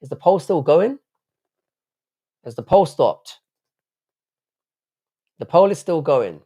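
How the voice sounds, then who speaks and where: A man's voice: on the high side, expressive, takes it slowly, warm tone. Rambling, swearing male livestreamer. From United Kingdom. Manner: rambling, swears often, answers chat aloud. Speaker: live-stream host. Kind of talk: casual late-night live-stream chat.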